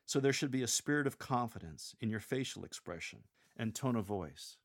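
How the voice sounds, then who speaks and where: A man giving measured, explanatory coaching on how to read scripture aloud, slowing down to model the phrasing. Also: mid-range voice, expressive. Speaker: lector coach. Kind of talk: instructional talk on reading scripture aloud.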